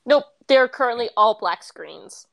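A woman narrating as game master of a tabletop game, relaxed and chatty with plenty of fillers. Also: fairly high pitch, measured pace, creaky, dry recording, muffled recording.

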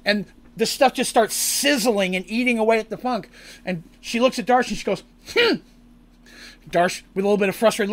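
High-voiced man recapping a tabletop game. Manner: lively, acts out characters' lines in shouts and squeals. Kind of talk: animated storytelling recap.

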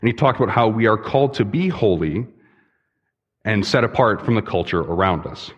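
A young man, a pastoral intern, giving a sermon in a church, relaxed and conversational in his storytelling. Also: fairly low pitch, brisk, slightly rough, muffled recording. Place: church sanctuary. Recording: long reverb in a church hall.

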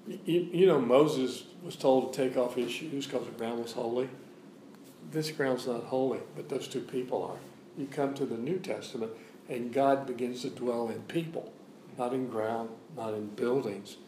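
A man's voice: mid-range voice, normal speed, warm tone, reverberant, slight background noise, low-quality recording. A man giving a sermon as a guest preacher in a church, preaching in a conversational way and repeating phrases for emphasis. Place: church sanctuary.

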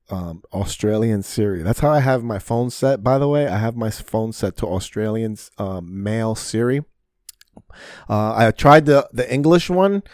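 A man's voice: fairly low pitch, a little mellow, no echo, studio quality. A man hosting his own podcast in a casual solo rant, rambling and swearing often, with frequent fillers and restarts. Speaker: podcast host. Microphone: podcast mic.

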